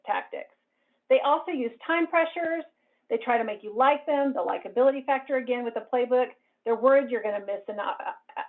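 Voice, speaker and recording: A woman presenting a cybersecurity talk in a clear, explanatory way. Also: fairly high pitch. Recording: narrow phone-like band.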